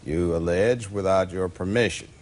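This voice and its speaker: A man's voice: deep voice, normal speed, darkish tone. A man presiding as a TV court judge, questioning a plaintiff bluntly with wry interruptions.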